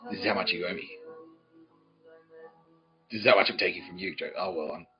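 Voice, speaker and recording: A man hosting a comedy podcast, rambling and swearing, often laughing, swinging between mumbles and shouts. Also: low-pitched, fairly quick. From Australia. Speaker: podcast host. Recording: dull lo-fi podcast audio with faint music.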